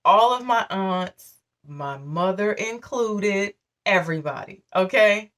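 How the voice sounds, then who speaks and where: A woman's voice: medium pitch, lively intonation, takes it slowly, a bit bright, recorded from a distance. A woman in her forties telling a painful personal story to her viewers in a candid, emotional, conversational way. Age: 40s. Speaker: vlogger.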